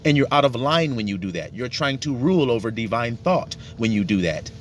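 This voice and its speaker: A man's voice: medium pitch, big pitch swings, a little fast, slight background noise. A man giving a casual, profane sermon, acting out little dialogues to make his points. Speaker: religious teacher.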